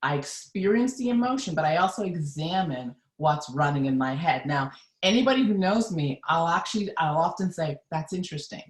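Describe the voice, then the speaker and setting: Woman, lowish voice, live-stream coach, emphatic and earnest, roomy echo. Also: animated, moderate pace. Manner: emphatic, earnest, addresses viewers directly. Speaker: mindset coach.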